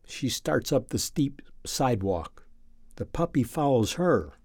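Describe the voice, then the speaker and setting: A man reading a first-person story aloud in a calm, measured, reflective way. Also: mid-range voice, dry recording, clean studio sound. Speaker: narrator.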